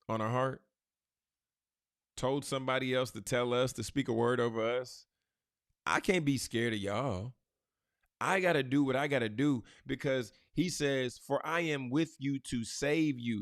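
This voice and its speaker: A man's voice: medium pitch, gravelly, no room sound, studio quality. A man hosting a podcast, teaching scripture in an emphatic, preacher-like way and speaking straight to his listeners. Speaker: podcast host.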